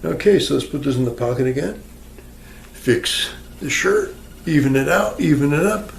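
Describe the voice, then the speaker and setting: A man's voice: fairly high pitch, expressive, quick pace, vocal fry, a little hiss or hum. A man rambling casually to the viewer in a crude, self-mocking home vlog, recorded on a camera mic at home. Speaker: YouTuber. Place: indoors at home, near a fish tank. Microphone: camera microphone.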